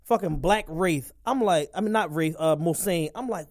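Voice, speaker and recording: A man's voice: on the high side, moderate pace, dry recording, clean studio sound. A man, co-hosting a podcast and telling a profane, rambling story. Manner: profane, rambling, heavy use of "like". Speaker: podcast co-host. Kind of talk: casual storytelling chat.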